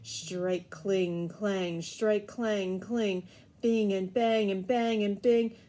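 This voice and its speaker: A woman voicing an odd old male godfather and clockmaker in a storybook reading, chanting in a grating monotone. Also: mid-range voice, drawn-out words, a little hiss or hum.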